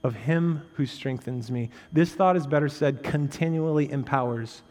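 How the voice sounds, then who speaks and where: A male pastor delivers a sermon at a moderate pace in a large hall, keeping it conversational with jokes and "right?" asides. He swings between raised, intense emphasis and quiet, low stresses.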